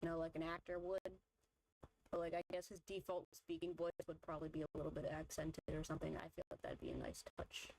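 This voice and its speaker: A woman's voice: low-pitched, expressive, fast talker, a little mellow, slight background noise, rough recording. Chatty woman rambling her opinions. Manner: rambling, filler-heavy opinion talk. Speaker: vtuber streamer. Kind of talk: casual chat while drawing.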